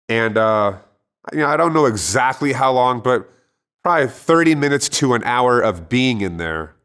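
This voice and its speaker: A man's voice: mid-range voice, a bit bright. A man speaks in a mid-range voice, earnest and conversational, as he tells a personal testimony. He often restarts his sentences and talks the way he would to friends. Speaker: storyteller sharing a personal testimony. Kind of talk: casual spoken testimony.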